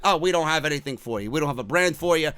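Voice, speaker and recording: A man's voice: on the high side, lively intonation, rapid-fire, fairly bright tone, clear, resonant tone, no echo, pitched below the performer's own voice. A man putting on the voice of a curt, dismissive old male wrestling boss.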